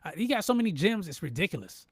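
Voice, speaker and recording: Young man, high voice, dry close sound, live-stream sports rant host, emphatic and repetitive. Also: quick pace, slightly rough, dry recording. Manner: animated, emphatic, repeats phrases, talks to chat. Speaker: podcast host.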